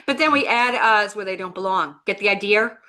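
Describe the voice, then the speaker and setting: A middle-aged woman from Massachusetts hosting a relaxed conversation. Her voice is bright and clear. She laughs often and drops in quick, teasing one-liners. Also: medium pitch. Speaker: host. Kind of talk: casual chat.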